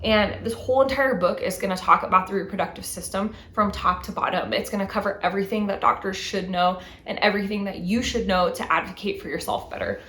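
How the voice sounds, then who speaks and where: A woman's voice: mid-range voice, quick pace, few pauses, fairly bright tone, reverberant. A woman in her thirties hosting a book haul vlog, chatting eagerly about each new book. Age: 30s. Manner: enthusiastic, talks through each book and reads back covers. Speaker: book channel host.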